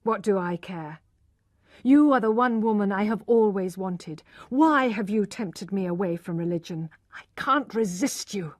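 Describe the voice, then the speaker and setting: A woman voicing a passionate, pushy young gentleman who has given up preaching, speaking urgently and insistently. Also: mid-range voice, a little slow, no echo, studio quality, lightly acted. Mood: pleading, insistent.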